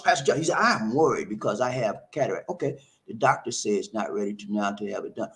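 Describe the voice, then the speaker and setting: A man's voice: mid-range voice, fast, vocal fry, hardly any pauses. A man hosting a live stream, casually telling viewers a story, repeating words and acting out the dialogue. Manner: animated, repeats words, acts out quoted dialogue. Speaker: live-stream host reading viewer comments.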